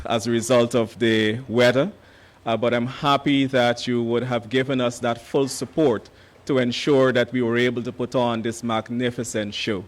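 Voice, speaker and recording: A hoarse man, an education official giving a measured ceremony speech with frequent pauses and "uh" fillers. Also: mid-range voice. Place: conference hall.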